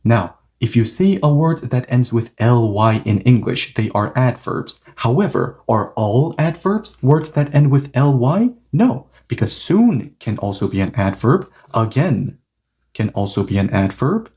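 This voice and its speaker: Male language teacher, mellow voice, animated delivery, patient and explanatory. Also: medium pitch, measured pace. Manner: patient, checks understanding often. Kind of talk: online grammar lesson.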